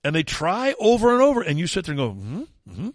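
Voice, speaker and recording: A man's voice: high-pitched, big pitch swings, fast talker, no room sound. A man hosting a talk radio show, delivering an opinionated, mocking and emphatic monologue.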